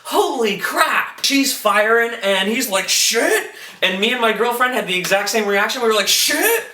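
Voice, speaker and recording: A young man excitedly recapping a TV episode, acting out the quotes and saying "like" a lot. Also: sits high, brisk, distant mic. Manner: animated, acts out quotes, filler "like". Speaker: TV episode reviewer. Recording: echoey room, voice off-mic.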